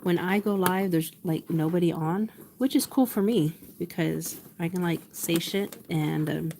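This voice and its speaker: A woman's voice: lowish voice, unhurried, gravelly, warm tone. A woman talking casually to herself while she sews, chatty and laughing often. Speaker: quilting vlogger. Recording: sewing machine noise behind.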